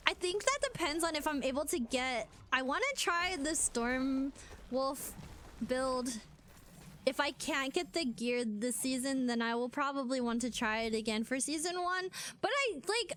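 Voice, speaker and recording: High-voiced giggly young woman streamer. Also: a bit bright, slight background noise. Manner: chatty, giggly, many fillers. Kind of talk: casual stream chat.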